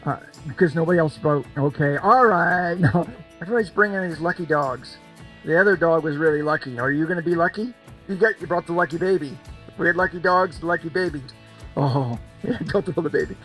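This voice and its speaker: An older man runs a cornhole game at an event, coaxing and joking with the crowd. His voice sits high for a man, and he repeats himself playfully. Faint music drifts in behind him. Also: a little fast, fairly bright tone. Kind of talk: lively crowd banter.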